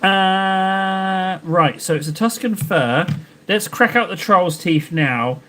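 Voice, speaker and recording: A man with a slightly high voice talks casually through a live stream as he paints miniatures. He rambles, jokes and mutters to himself as he works. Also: slow pace, pushed and bright, slight background noise. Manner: rambling, jokey self-talk while painting. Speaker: livestream host painting miniatures.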